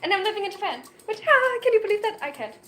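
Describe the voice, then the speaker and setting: A woman in her twenties from Germany, chatting casually on a livestream over her phone, excitable and giggly with rambling self-mocking jokes. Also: extremely high pitch, fast talker, slight background noise. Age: 20s. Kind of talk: casual chat.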